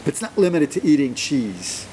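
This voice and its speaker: A man teaching German grammar, slow and deliberate, his voice rising when he stresses a point. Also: fairly high pitch, big pitch swings, mellow, slight background noise, rough recording. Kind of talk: explaining grammar to camera.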